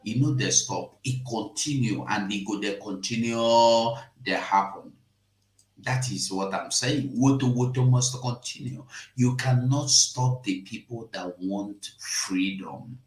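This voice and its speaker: A man with a Nigerian Pidgin accent hosting a casual live stream, emphatic and repetitive, jumping from loud bursts to hushed asides. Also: medium pitch, unhurried, reverberant. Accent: Nigerian Pidgin English.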